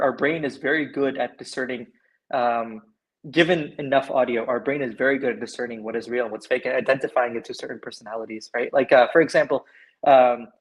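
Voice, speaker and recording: A man's voice: mid-range voice, slightly rough, rough recording. A man from Canada speaking as a panelist in an online discussion, explaining at length and often checking in with "right?". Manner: explanatory, frequent "right?" tags. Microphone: video call.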